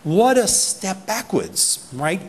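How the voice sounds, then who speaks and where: A man with a New York accent gives a lively talk, his voice sitting a little high for a man. He plays out other people's reactions as he goes. The sound rings with a long reverb, as in a big lecture hall. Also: takes it slowly. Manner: animated, acts out people's reactions. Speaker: privacy advocate speaker. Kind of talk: conference talk.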